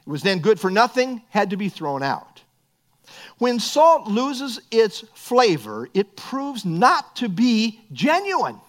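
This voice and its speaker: A man's voice: high voice, wildly swooping pitch, slow. A middle-aged man preaching a sermon as pastor, earnest and building to emphatic bursts.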